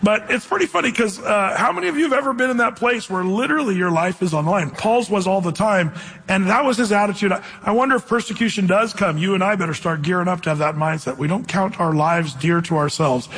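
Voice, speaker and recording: A man preaching a conversational sermon, slowing down to read scripture and acting out quotes. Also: sits high, expressive, fairly bright tone, breathy edge, big-room sound. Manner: conversational, reads scripture slowly, acts out quotes. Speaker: pastor.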